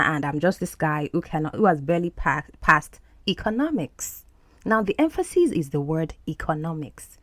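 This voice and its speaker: A woman's voice: low-pitched, lively intonation, normal speed, no room sound, studio quality. A woman teaching English, explaining phrases from film clips in a patient, repetitive way. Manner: patient, explanatory, repeats words for practice.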